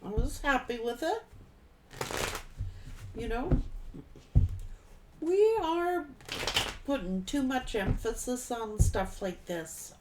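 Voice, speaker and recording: A woman's voice: fairly high pitch, animated, takes it slowly, long pauses, noisy background. A middle-aged woman giving a casual tarot reading, blunt and folksy, swearing freely and laughing often. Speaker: tarot reader.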